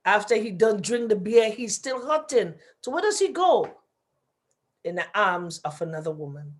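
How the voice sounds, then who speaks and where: Woman, radio talk guest, lively storyteller who plays every voice. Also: medium pitch, moderate pace. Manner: animated storytelling, acting out quoted voices. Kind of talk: radio talk show discussion.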